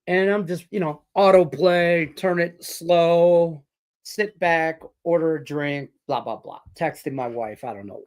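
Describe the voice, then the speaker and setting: This sports betting podcast host, a middle-aged man from Detroit, has a voice on the high side with a darkish tone. Chatting casually between betting picks, he wanders through a profane, filler-heavy story.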